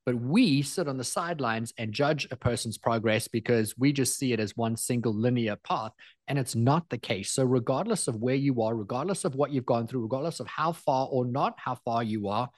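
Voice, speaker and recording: Man, motivational storyteller, earnest, emphatic, repeats phrases, mid pitch, dry close sound. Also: moderate pace, a little mellow, no room sound.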